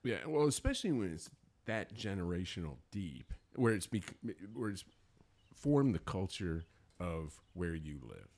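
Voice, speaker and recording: A middle-aged man from New England chats as a podcast guest in a low voice. He speaks in a laid-back, halting way, trailing off and starting over. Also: very animated, darkish tone. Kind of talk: casual chat.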